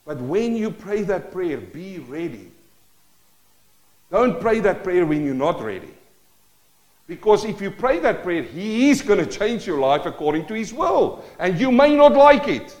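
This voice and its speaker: A man's voice: sits high, big pitch swings, a little slow, darkish tone, rough recording. A male pastor preaching a sermon, asking the congregation rhetorical questions and acting out prayers in shifting tones.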